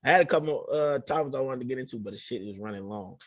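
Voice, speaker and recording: A man's voice: mid-range voice, quick pace, no room sound, studio quality. A young adult man hosting a casual podcast, telling stories loosely in heavy slang with plenty of swearing. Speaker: podcast host.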